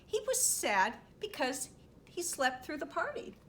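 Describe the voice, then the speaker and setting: A woman librarian reading a picture book aloud to children, animated and stopping to ask them questions. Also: sits high, measured pace, slight background noise. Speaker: children's librarian storytime host.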